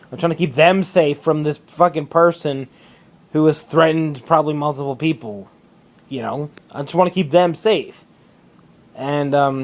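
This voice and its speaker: A young man vlogging to camera indoors in a public building, rambling in a casual monologue, swearing a lot and restarting his sentences often. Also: a little high.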